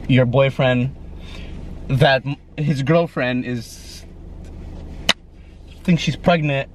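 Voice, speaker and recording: A man's voice: mid-range voice, steady tone, drawn-out words, slight background noise. A young man in a parked car, flustered and pleading as he frets over surprising news from his girlfriend. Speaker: boyfriend being pranked. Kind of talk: casual conversation.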